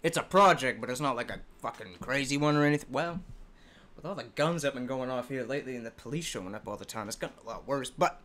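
A man from the US East Coast hosting a music reaction video, excitable and cursing often between laughs. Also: mid-range voice, fast talker. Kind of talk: casual reaction commentary. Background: hip hop track playing.

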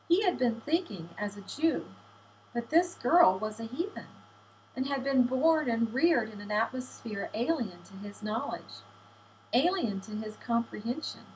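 Woman reading a novel aloud, slightly high voice. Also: a little hiss or hum, rough recording. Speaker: audiobook reader. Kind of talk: audiobook narration.

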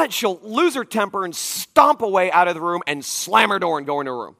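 A man who is a pastor, preaching a conference sermon in an animated, conversational storytelling manner. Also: high voice, fairly quick, vocal fry, hardly any pauses.

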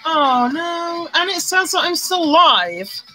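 A woman's voice: extremely high pitch, sing-song, slow pace, bright, forceful tone, faint music behind, low-quality recording. A woman chatting casually on a makeup live stream, greeting viewers by name and bursting into little sung bits. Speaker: livestreamer doing makeup.

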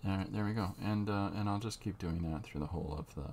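Man, very low voice, unhurried, thinking aloud, drawing tutorial, light background hiss. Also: darkish tone. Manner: unhurried, halting, muses as he works. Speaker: comic artist drawing on camera.

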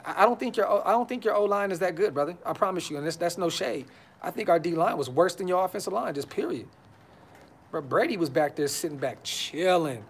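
This fan podcast host has a high, breathy-edged voice with lively intonation and a brisk pace. Live-streaming from his brother's house, he talks casually, frustrated, with blunt slang and lots of repetition.

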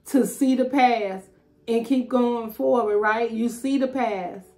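A woman's voice: fairly high pitch, slow pace, mellow. A woman giving a casual, rambling tarot reading, thinking aloud with fillers and trailing thoughts. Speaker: tarot reader.

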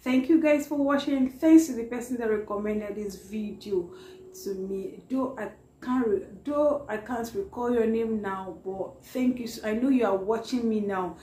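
A woman hosting a reaction vlog, tearful after crying, talking in an apologetic, halting way full of "like". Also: fairly high pitch, mellow. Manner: apologetic, halting, heavy use of "like". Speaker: reaction video host. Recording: echoey room with faint noise.

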